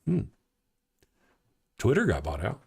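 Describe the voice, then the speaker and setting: A man's voice: lowish voice, huge pitch swings, slow pace, vocal fry, a little mellow, husky. A man hosting a live-streamed talk show, ranting heatedly and answering chat comments aloud from home.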